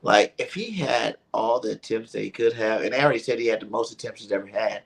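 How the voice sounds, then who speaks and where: A man co-hosting a casual sports podcast, telling stories in an animated, slangy way. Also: lowish voice, fast, vocal fry, breathy edge, rough recording. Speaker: podcast co-host.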